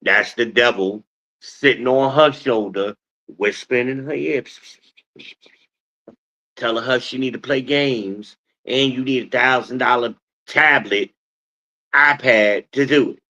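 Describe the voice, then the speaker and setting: A middle-aged man lectures his listeners in a casual stream monologue. His voice has a middle pitch and rises into preacher-like scolding. The audio is a bit dull and lo-fi. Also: a little slow. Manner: animated, scolding, preacher-like cadence. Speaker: podcast host.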